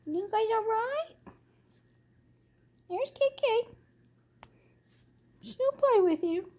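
A woman's voice: very high voice, expressive, very slow, a little mellow. A woman cooing at her puppies in doting, sing-song baby talk. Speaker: dog owner filming her puppies.

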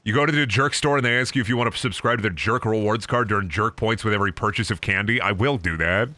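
A man's voice: on the low side, quick pace, bright, forceful tone, no room sound. A young man with a Midwestern accent who rambles through casual gaming commentary, swearing and joking. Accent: Midwestern American. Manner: rambling, profane, jokey. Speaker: streamer.

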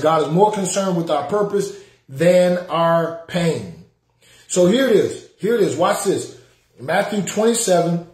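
Repetitive preacher with a high, roomy voice. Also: male voice, a little mellow. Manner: repeats key lines, calls on the congregation. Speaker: pastor. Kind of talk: sermon. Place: church sanctuary.

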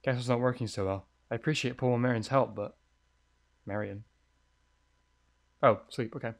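A man's voice: medium pitch, steady tone, normal speed. A man giving let's play commentary on a horror game, jumpy and thinking aloud, swearing often. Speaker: gamer playing a horror game.

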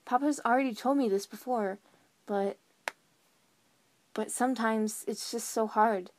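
A woman's voice: a little high, unhurried, a little mellow, slight background noise, lightly acted. A woman voicing an anxious, earnest young male unicorn colt in a fan audio drama. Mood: troubled.

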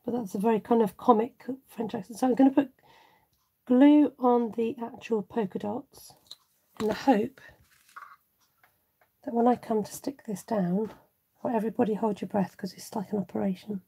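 Her voice is on the high side yet dark in tone, gravelly and husky, with fairly even intonation at a moderate pace and frequent pauses. She's hosting a live card-making stream, chatting casually, reading viewer comments, and often murmuring asides.

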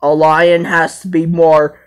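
A brave young male lion played by a woman speaks in a lowish voice and drags his words out very slowly. He rambles and stops to hunt for words. It sounds like an amateur fan role-play. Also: flat delivery, smooth. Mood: earnest. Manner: rambling, hesitant, halting.

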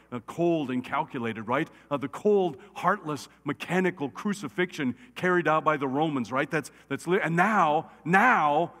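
A man preaching a conversational sermon as a pastor, animated and often checking in with "right?". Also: a little high. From United States. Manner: animated, repeatedly asks "right?". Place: church sanctuary. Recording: long church reverb.

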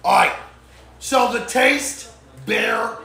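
A man's voice: very high voice, very slow, vocal fry, sharp tone. A man casually vlogging inside a smoke shop, laid-back and swearing as he hypes the place. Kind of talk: casual vlog commentary. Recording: echoey shop room, faint background noise.

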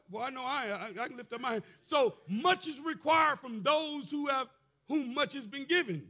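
A man preaching a sermon as pastor, building to shouted emphasis and calling out to the congregation. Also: extremely high pitch, expressive, normal speed, lo-fi sound. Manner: preaching with rising, shouted emphasis and audience call-and-response.

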